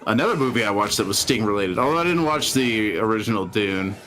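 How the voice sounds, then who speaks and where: A man's voice: on the low side, animated, fast, a bit bright, a little hiss or hum. A man co-hosting a podcast in casual chat, rambling with frequent restarts and chuckles. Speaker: podcast co-host.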